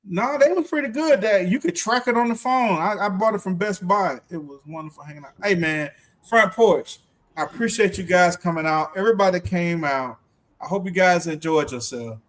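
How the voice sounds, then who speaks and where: A middle-aged man co-hosting a casual livestream, telling animated stories from home, laughing often and acting out quotes. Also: high-pitched, moderate pace. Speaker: livestream co-host. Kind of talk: casual chat.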